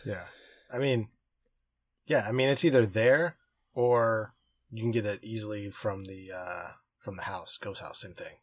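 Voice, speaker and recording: A man's voice: on the low side, steady tone, unhurried, no echo. A laid-back man co-hosting a casual gaming podcast, mumbling with lots of filler words. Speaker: podcast co-host.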